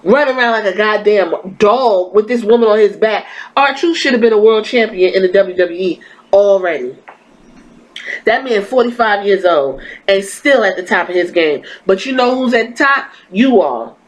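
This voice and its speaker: A woman's voice: mid-range voice, moderate pace, low-quality recording. A woman hosting a podcast, delivering blunt, profane and exasperated commentary on wrestling. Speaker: podcast host.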